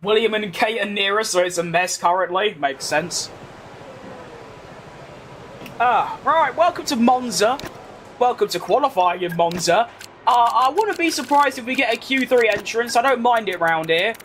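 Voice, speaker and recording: A man's voice: high-pitched, expressive, moderate pace, fairly bright tone, a little hiss or hum. A young man with a London accent, talking casually while playing a racing game and reading his chat aloud in a wry, self-mocking way. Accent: London English. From England. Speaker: gaming streamer.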